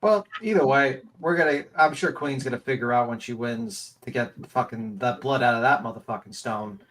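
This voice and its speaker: A man's voice: mid-range voice, normal speed, a bit bright. A man chatting on a livestream panel, rambling with lots of fillers and swearing. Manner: rambling, profane, filler-heavy. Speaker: panel guest. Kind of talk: casual livestream panel chat.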